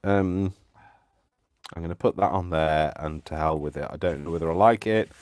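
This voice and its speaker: A man's voice: low voice, moderate pace, a little mellow, clear, resonant tone, no echo. A man hosting a live crafting stream, chatting playfully and giggling as he works. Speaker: craft channel host. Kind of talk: casual live-stream chat while crafting.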